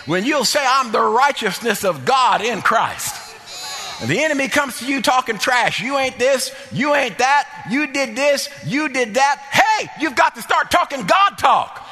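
A male preacher with a bright, ringing voice drives his points home in repeated, shouted refrains. His words hang in the long reverb of a church sanctuary. Soft music sits underneath. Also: very high-pitched, sing-song, a little slow. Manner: emphatic, repetitive preaching cadence, often shouting. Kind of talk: sermon and altar call.

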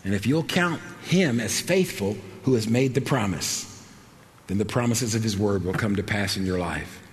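A man preaching a sermon with passion, swinging between soaring, shouted lines and hushed, quiet ones. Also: lowish voice, expressive, normal speed. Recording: long hall reverb, faint background noise.

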